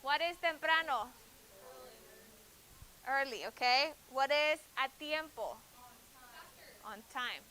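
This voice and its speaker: Young woman, classroom Spanish teacher, high-pitched, drills words with brief asides. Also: sharp tone, poor audio. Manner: drills vocabulary, quick asides to students.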